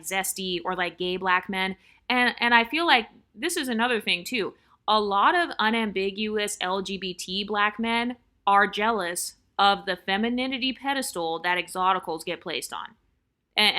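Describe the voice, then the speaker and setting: A woman with a bright, sharp-edged voice talks straight to camera in an opinionated commentary vlog. Her speaking pitch sits in the middle range for a woman. She is blunt and emphatic, and she circles back to repeat her points so they land. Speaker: vlogger.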